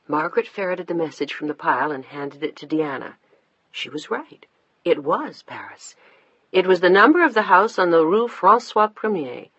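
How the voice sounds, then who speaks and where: A measured audiobook narrator reading a novel in an even storytelling voice. The tone is husky and the recording dry and muffled. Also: mid-range voice, dry recording. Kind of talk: scripted narration.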